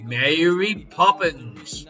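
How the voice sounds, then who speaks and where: A man hosting a live-streamed online quiz from home, reading questions and answers with jokey, showy patter and sudden loud calls. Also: a little high, expressive, extremely slow, muffled recording, faint music behind. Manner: jokey, showy quizmaster patter with big swings in loudness. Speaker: quiz host.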